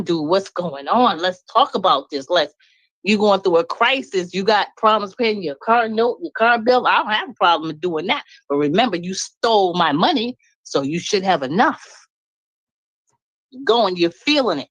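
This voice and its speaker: A woman calling into a casual talk room, blunt and emphatic, laughing now and then as she vents. Her voice sits a little low but jumps all over the place in pitch. The sound is dry, with no room echo. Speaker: caller sharing her story.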